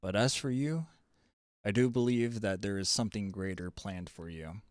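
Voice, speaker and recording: A man voicing a kindly, respected mage father who talks to his grown son with fond, gently teasing warmth. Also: fairly low pitch, normal speed, no echo, clean studio sound, lightly acted. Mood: fond, encouraging.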